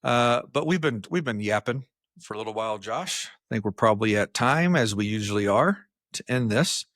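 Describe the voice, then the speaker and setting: A man co-hosting a podcast, telling workplace stories in casual chat and acting out the quotes with big jumps in pitch. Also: normal speed, dry recording, studio quality. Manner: animated storyteller, acts out quotes with jumps in pitch. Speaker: podcast co-host.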